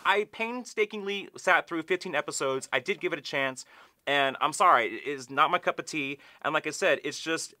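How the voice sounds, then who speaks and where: A man on an anime review panel, talking in an animated, rambling way with many ums. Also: a little high, moderate pace, dry recording. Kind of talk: casual panel chat. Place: studio.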